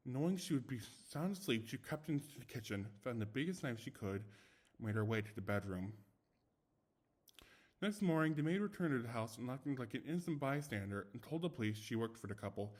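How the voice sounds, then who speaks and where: Young guy reading spooky stories, mid-pitch voice, trips on words, chats between lines, no real mic. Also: lively intonation, a little fast. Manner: chatty, self-commenting, stumbles and restarts. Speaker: story reader. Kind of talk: casual reading of ghost stories. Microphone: no dedicated microphone.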